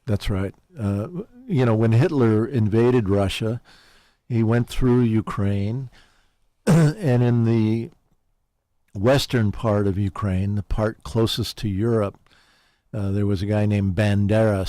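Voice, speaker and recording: A man's voice: on the low side, warm tone, dry recording. A man giving an interview, talking urgently, with emphatic repetitions and frequent fillers. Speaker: interview guest, peace activist. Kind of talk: earnest conversational interview.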